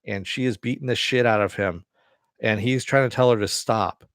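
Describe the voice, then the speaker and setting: A man's voice: on the low side, moderate pace, fairly bright tone, dry recording, studio quality. A man casually retelling a TV episode in a rambling way, full of fillers. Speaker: TV show reviewer.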